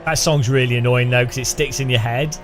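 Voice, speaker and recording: A man's voice: mid-range voice, steady tone, brisk, a little hiss or hum. A man streaming a racing game in casual, rambling chat with a faint music bed behind. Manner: rambling, chatty, laughs often, hums and imitates sounds.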